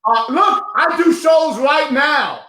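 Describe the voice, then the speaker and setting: Effusive, high-voiced male show host. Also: lively intonation, slow, reverberant. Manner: effusive, emotional, loud exclamations. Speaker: host of a live online show. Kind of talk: emotional live show chat.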